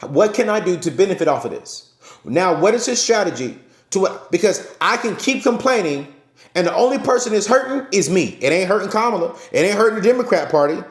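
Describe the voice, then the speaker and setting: A man hosting a live stream, talking loudly and passionately to his viewers in a preachy, repetitive way. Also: sits high, expressive, brisk, reverberant. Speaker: channel host. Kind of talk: passionate livestream talk. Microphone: phone camera.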